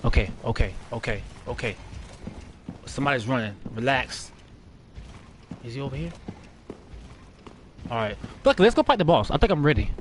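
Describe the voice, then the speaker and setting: A man's voice: medium pitch, lively intonation, normal speed, pauses often, slight background noise. A man doing live gameplay commentary, trash-talking and cursing at enemies while he plays. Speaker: gaming streamer.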